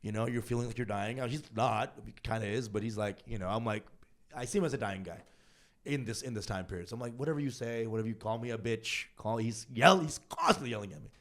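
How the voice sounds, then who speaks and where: A young man co-hosting a comedy podcast, telling a family story in an animated way, acting out the people he quotes and laughing often. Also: lowish voice, fast talker. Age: young adult. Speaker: podcast co-host.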